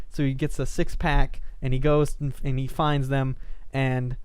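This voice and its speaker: A man's voice: medium pitch, level tone, measured pace, darkish tone, clear, resonant tone, no echo. A man hosting a let's play, chatting casually and telling a rambling story with frequent chuckles. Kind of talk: casual gaming chat.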